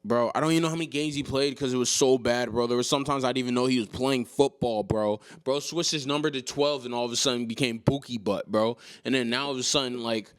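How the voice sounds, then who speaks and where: A man co-hosting a casual sports podcast, ranting and teasing in an animated way. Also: mid-range voice, fast talker, few pauses, clear, resonant tone, no echo, clean studio sound. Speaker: podcast co-host.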